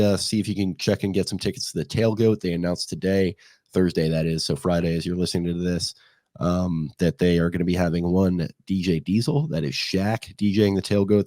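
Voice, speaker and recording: Low-voiced hoarse dude on a sports pod, laid back, dry close mic. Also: male voice, dark tone, no echo. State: hoarse from the season. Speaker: podcast co-host. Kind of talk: casual sports podcast chat.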